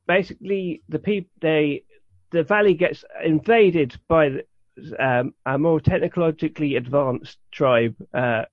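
A man's voice: mid-range voice, dry recording. Rambling man, dull lo-fi sound. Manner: rambling, many restarts and fillers. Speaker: podcast co-host. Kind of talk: casual chat.

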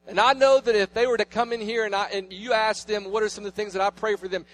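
Male pastor, 30s, high-pitched, storytelling sermon voice with a faint noise floor. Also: fairly even intonation, fast talker. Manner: storytelling, swings between loud preaching and hushed asides.

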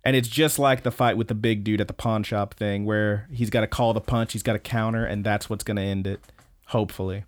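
Guy with a lowish voice doing a casual podcast recap, swears a bit, dry close sound. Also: brisk, no room sound. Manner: excited play-by-play retelling with casual swearing. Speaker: podcast co-host.

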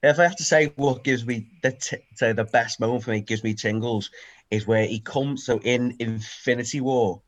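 A young man, co-hosting a casual podcast chat and telling stories with sweary, excited energy. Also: mid-range voice, normal speed, muffled recording. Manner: animated, sweary, excitable storytelling. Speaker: podcast co-host.

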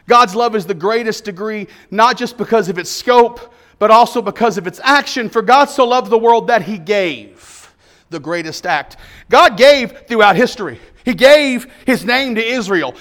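Brief: male pastor preaching, high-pitched, rhythmic repeated phrases, emphatic delivery. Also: a bit bright. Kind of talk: sermon.

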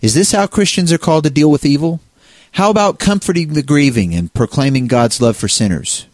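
A man's voice: on the high side, a little fast, darkish tone, no echo. A man co-hosting a casual discussion on faith, talking in a rambling way with many restarts and fillers. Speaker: co-host.

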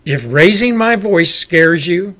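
Male host, forceful ranter, slightly high voice. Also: expressive, takes it slowly. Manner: loud, forceful, ranting delivery. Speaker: show host. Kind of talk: political commentary monologue.

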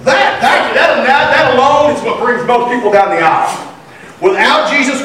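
A high-pitched man preaches a sermon with humor and sudden excited shouts. His voice rings through a very echoey church, picked up from some distance away. A faint background hum sits under him. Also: normal speed. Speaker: pastor. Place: church sanctuary.

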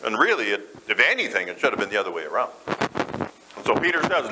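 Conversational preacher with lively pitch. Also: male voice, fairly quick, background noise. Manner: conversational, asks the congregation questions. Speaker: pastor. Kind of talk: sermon. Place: church.

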